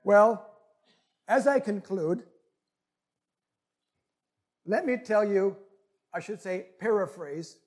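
A man preaching a sermon in an earnest, deliberate way. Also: high voice, lively intonation, a little mellow.

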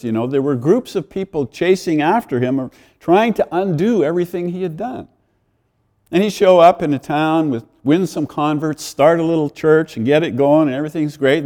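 Man, pastor, conversational sermon, slightly high voice, warm mellow tone. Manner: conversational preaching with asides and chuckles.

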